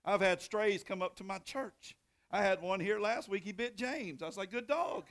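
A middle-aged pastor with a high-pitched voice preaches in a church sanctuary, telling his sermon in a folksy, storytelling style. He draws out scripture readings slowly and breaks into loud hollers.

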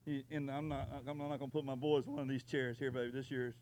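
A man preaching a sermon, moving from quiet storytelling to loud, impassioned preaching. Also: mid-range voice, level tone, quick pace, a little hiss or hum. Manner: builds from quiet storytelling to shouting. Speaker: pastor.

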